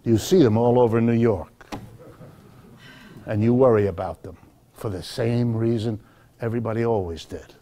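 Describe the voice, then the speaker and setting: An economics professor giving a public lecture, telling history as a lively story and speaking straight to the crowd. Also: male voice, medium pitch, normal speed, pauses often. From United States. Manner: animated storytelling, addresses audience directly.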